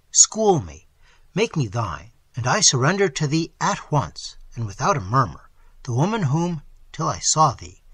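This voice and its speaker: A man's voice: mid-range voice, a bit bright, breathy edge, dry recording, heavily acted. A man voicing a fervent, restless young Englishman. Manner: anxious and fervent, pleading. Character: impassioned, restless young Englishman craving forbidden knowledge.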